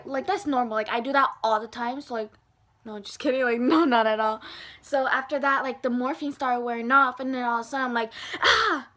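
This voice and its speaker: A young woman tells a story straight to her camera, her voice sitting high for a woman. She talks casually with a constant stream of fillers and acts out what everyone said. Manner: animated, lots of fillers, acts out dialogue. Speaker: vlogger.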